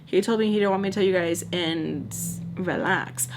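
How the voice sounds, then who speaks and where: A woman vlogger telling a storytime in a casual, animated way, acting out the people in it, swearing freely and dropping in Spanish words. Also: lowish voice, quick pace, a little hiss or hum. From Texas. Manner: animated, swears a lot, acts out voices, mixes in Spanish.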